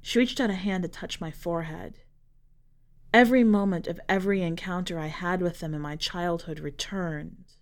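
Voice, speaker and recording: A woman narrating a dark short story for a fiction podcast in a measured, dramatic reading style. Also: on the low side. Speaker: podcast editor and reader.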